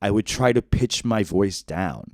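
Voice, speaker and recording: A young adult man co-hosting a podcast, telling stories in a lively, swearing way and acting out the voices of people he quotes. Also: a little slow, no room sound, clean studio sound. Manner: animated storyteller, swears, acts out quoted voices high and loud. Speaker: podcast co-host. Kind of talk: casual chat.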